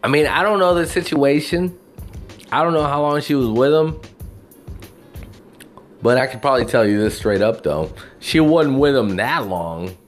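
A man talking to camera in a casual, rambling monologue, swearing often and filling his speech with "you know" and "like.". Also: medium pitch. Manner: profane, meandering, full of fillers.

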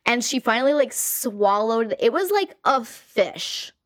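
A woman's voice: on the high side, unhurried, no echo, clean studio sound. A woman co-hosting a podcast, chatting casually and animatedly about movies, with plenty of "like" in her talk. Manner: animated, chatty, heavy use of "like". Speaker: podcast co-host.

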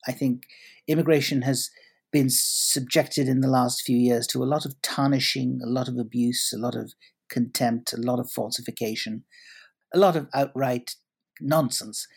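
A man's voice: mid-range voice, steady tone, normal speed, creaky, husky. A man answering interview questions at length, articulate and elaborate, often restarting his sentences. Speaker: guest commentator.

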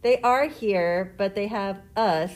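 A woman with a mid-range voice talks like a teacher on a class podcast. She sounds relaxed and conversational, and she teases her students with obvious fondness. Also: mid-range voice, takes it slowly. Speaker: middle school teacher. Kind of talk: casual podcast chat with students.

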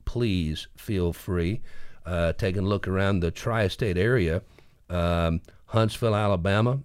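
A male podcast host, telling a story and reading a local news roundup in a folksy, animated way, laughing often. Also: deep voice, dry recording, studio quality.

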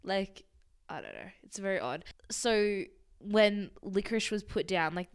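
A woman's voice: mid-range voice, animated, measured pace, smooth. A young woman co-hosting a casual chat, talking in a loose, chatty way full of "like" and frequent laughter. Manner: chatty, heavy use of "like", laughing often. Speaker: podcast co-host.

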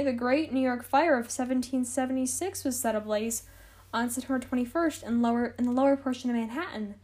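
A high-pitched young woman runs a history podcast. She narrates informally, leaning on plenty of fillers, ironic asides and mocking quotes.

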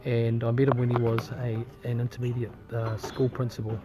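A man with a New Zealand accent giving a casual, earnest video update from an airport terminal, speaking in a halting, indignant way. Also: medium pitch, monotone, background noise. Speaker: campaign leader posting a video update. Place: airport terminal, waiting on a delayed flight. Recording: crowd chatter behind.

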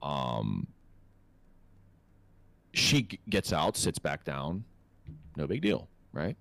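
A man hosting a podcast, telling a rambling, profane story in casual chat and getting animated when he quotes others. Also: extremely low pitch, very slow, creaky, no echo. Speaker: podcast host.

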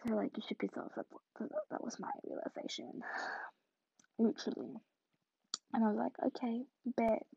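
A woman's voice: medium pitch, very animated, normal speed, gravelly, long pauses, warm tone, slightly rough. A tired young woman hosting her own podcast, telling a story in a rambling casual way full of fillers, sometimes dropping to a whisper. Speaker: podcast host. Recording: muffled lo-fi recording.

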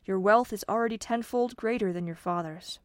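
A woman voicing Good Luck, a wise and patient male godfather spirit, speaking in calm, measured counsel during a storybook reading. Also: mid-range voice, dry recording, clean studio sound, natural voice.

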